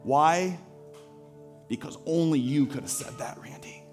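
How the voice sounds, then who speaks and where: A man's voice: mid-range voice, brisk, dark tone, soft background music. A man preaching a sermon as pastor, telling a story earnestly and rising to rousing calls to worship. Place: church sanctuary.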